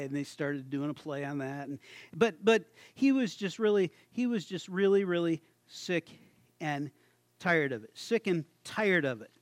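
Slow, high-voiced folksy man preaching. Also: no room sound. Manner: halting, chatty, many restarts, acts out voices with a chuckle. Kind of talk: informal sermon.

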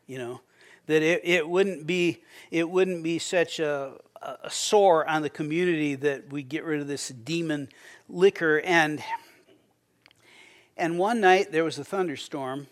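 Conversational high-voiced male preacher. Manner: conversational, repeats words when starting sentences; acts out quoted prayers with a raised voice. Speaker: pastor. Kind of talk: sermon.

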